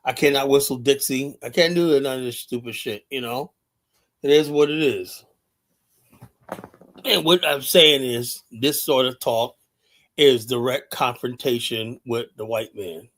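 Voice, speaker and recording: A man's voice: mid-range voice, moderate pace, fairly bright tone. A man rants through a livestream monologue, blunt and profane. His voice sits in a mid range, and his talk rambles from point to point. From United States. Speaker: podcast host.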